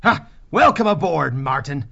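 Guy doing a big hearty otter captain, rough gravelly voice. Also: a little high, expressive, measured pace, fairly bright tone, muffled recording, pitched above the performer's own voice, heavily acted. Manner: hearty, gruff.

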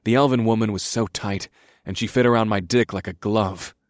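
Low-voiced male story narrator. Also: fairly even intonation, normal speed, dry recording, studio quality. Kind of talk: scripted erotic story narration.

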